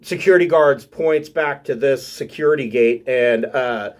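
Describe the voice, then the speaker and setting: A man narrating a tabletop game as game master, halting and filling gaps with ums and uhs. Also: medium pitch.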